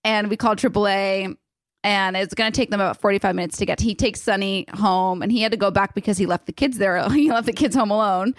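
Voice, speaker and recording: A young woman telling a story in a rambling, animated way on a casual podcast, full of "like" and restarts. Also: mid-range voice, fast, no echo, clean studio sound. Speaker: podcast co-host.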